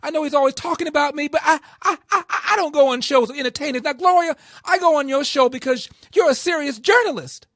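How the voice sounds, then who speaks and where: A shrill older congresswoman, as a man puts her on stammers, repeating her words as she brushes someone off. Her voice jumps far above his own and comes out loud and dry. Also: quick pace, hardly any pauses, no echo. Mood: dismissive. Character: stammering, dismissive older woman politician.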